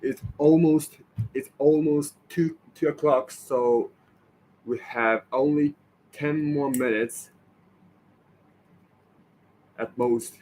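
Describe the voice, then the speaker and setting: Man slowly repeating practice words. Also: mid-range voice, steady tone, a little mellow, slight background noise, low-quality recording. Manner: slow, repeats and corrects words. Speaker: English learner practicing aloud.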